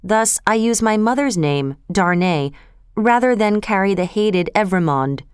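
A woman voicing an earnest, troubled young nobleman in a storybook reading, with a smooth, clear voice. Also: medium pitch, lively intonation, a little slow, no echo, clean studio sound, close to an everyday voice. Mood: saddened. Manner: earnest, pleading.

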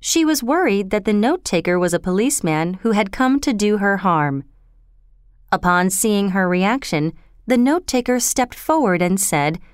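A woman reads a storybook chapter aloud in a measured, expressive way. Her voice is smooth and clear, with lively pitch, in a dry, close recording. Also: no room sound. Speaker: narrator. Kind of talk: scripted storybook narration.

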